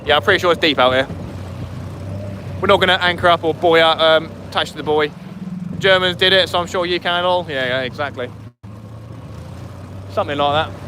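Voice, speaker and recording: A man's voice: on the high side, brisk, pauses often. A young man, chatting casually with viewers while out fishing on a small inflatable boat. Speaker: fishing vlogger. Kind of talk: casual live-stream chat. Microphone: camera on the boat. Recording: wind and boat engine noise.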